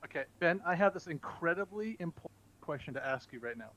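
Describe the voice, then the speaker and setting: A man's voice: fairly high pitch, lively intonation, fast, a bit bright. A man playing a tabletop game, teasing and playful in casual chat. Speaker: player.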